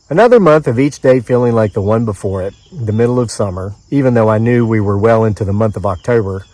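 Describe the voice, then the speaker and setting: A man's voice: on the low side, fast talker, hardly any pauses, a little mellow. A man from the mid-Atlantic United States reading his own story aloud outdoors in the woods, in a dry, conversational storyteller's manner with offhand asides.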